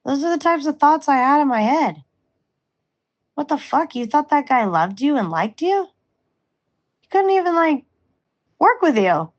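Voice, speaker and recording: A woman's voice: high voice, animated, a little slow, long pauses, highs cut off. A young woman speaking straight to an ex in a candid monologue, blunt and emotional, swearing freely. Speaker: vlogger.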